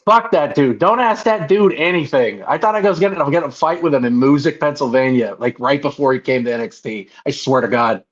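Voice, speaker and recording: A man's voice: mid-range voice, a little fast, few pauses, lo-fi sound. A man co-hosting a podcast, telling stories in casual chat with plenty of swearing. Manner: animated, profane storytelling with loud acted quotes. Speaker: podcast co-host.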